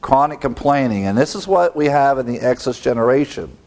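A man's voice: medium pitch, lively intonation, brisk, a little mellow. A man, a pastor, giving an expository sermon, explaining word meanings and asking rhetorical questions with a chuckle now and then.

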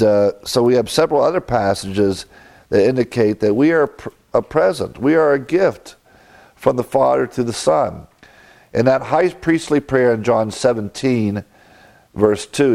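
A man's voice: mid-range voice, a little slow, creaky, a little mellow. A man preaching a sermon, methodically teaching a Bible passage verse by verse with occasional fillers. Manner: methodical, explains Greek grammar. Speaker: pastor.

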